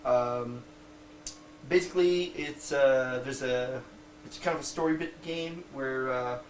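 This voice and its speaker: A man's voice: mid-range voice, slow pace. Rambling man reviewing board games, roomy distant sound. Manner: rambling, many fillers and restarts, swears freely. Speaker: podcast co-host. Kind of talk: casual board game review chat. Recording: roomy distant mic with faint background noise.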